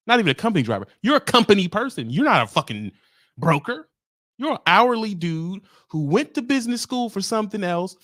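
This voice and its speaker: A man's voice: high voice, a bit bright, no echo, clean studio sound. A man ranting in a vlog, a truck driver speaking in a profane, heated, sarcastic way. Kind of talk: ranting monologue.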